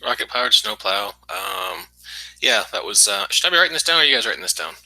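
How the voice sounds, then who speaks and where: A man playing in a tabletop game, chatting casually and thinking aloud with hesitant pauses. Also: mid-range voice, big pitch swings, gravelly, sharp tone, slightly rough, no echo, rough recording. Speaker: player. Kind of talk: casual tabletop podcast chat.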